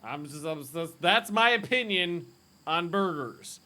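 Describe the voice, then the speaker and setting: A man's voice: on the high side, animated, unhurried, sharp tone. A man casually chatting with viewers while streaming a game, rambling and laughing often.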